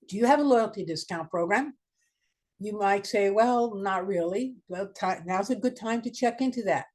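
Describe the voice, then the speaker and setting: A woman's voice: on the high side, a little mellow. A woman marketing consultant giving a webinar presentation, direct and emphatic, asking the listeners many questions. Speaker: marketing consultant, guest speaker.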